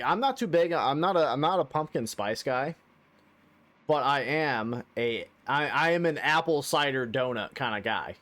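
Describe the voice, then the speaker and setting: A man's voice: medium pitch, a bit bright. A man streaming a video game from his home setup, chatting casually into a desk mic with rambling, profane jokes. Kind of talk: casual live-stream commentary.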